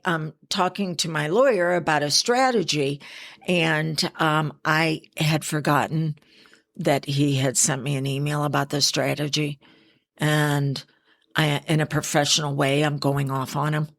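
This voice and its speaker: A middle-aged woman host talks her listeners through steps toward self-improvement. Her voice sits low and she takes her time, earnest and anecdotal, punching certain points with firm emphasis. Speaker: self-help podcast host. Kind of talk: reflective personal-growth monologue.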